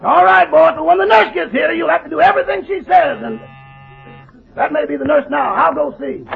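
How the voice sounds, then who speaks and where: A man's voice: fairly quick, heavily acted. An actor playing a wisecracking male valet who tends his sick boss, in 1940s radio comedy style. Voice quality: high, gravelly voice. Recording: dull, noisy old radio broadcast.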